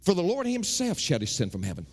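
A man from the United States preaching a sermon, animated and folksy, with jokes and repeated refrains. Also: high-pitched, fast talker, husky, big-room sound. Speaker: pastor.

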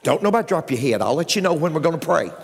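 A man preaching a sermon as pastor, joking with the congregation and jumping up in pitch for emphasis. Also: rapid-fire, vocal fry, a little hiss or hum. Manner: animated preaching with jokes, voice leaping up in pitch. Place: church sanctuary. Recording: long reverb of a large hall.

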